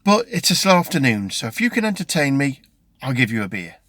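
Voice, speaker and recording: A man's voice: mid-range voice, very animated, fairly quick, fairly bright tone, no echo. A British man quoting a blunt pub barman.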